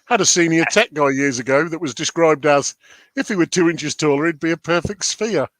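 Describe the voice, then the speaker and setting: Male co-host, playful chat reader, slightly high voice, dry close sound. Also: a little fast, a bit bright, no echo. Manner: playful, teasing, reads out chat. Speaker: co-host reading viewer comments. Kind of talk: casual live-stream chat.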